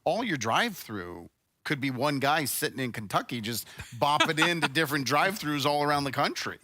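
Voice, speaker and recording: A man's voice: fairly high pitch, sing-song, fairly quick, bright, forceful tone, dry recording. A man co-hosting a tech podcast with wry, sarcastic banter. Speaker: podcast co-host.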